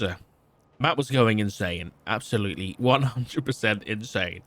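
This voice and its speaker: A man's voice: medium pitch, unhurried, a bit bright, dry recording. A man streaming, reading a fan story aloud, stumbling and restarting often, with side remarks to chat.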